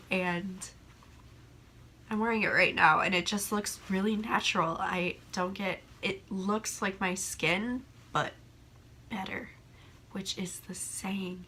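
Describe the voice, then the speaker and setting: A young woman with a hoarse voice from a cold, chatting casually and rambling as a beauty vlogger by a window. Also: mid-range voice, steady tone, slow pace, pauses often, pushed and bright, a little hiss or hum. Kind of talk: casual chat. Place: room by a window.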